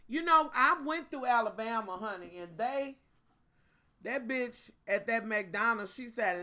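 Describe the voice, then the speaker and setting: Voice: mid-range voice, animated, a little slow, sharp tone. A vlogger, ranting in a sassy, profane way straight to the viewers in a casual storytime. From Kentucky.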